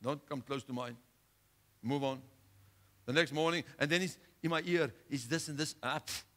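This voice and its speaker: A male pastor preaching a sermon, driving his points home with rhetorical questions and swinging between loud outbursts and hushed lines. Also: a little high, moderate pace.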